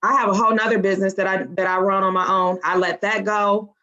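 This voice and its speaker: A woman shares an earnest, emotional personal testimony with her team on a group call, sounding close to tears. Her voice is mid-pitched, and the audio comes through dull and lo-fi. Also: level tone, fast talker, bright, forceful tone. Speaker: team member.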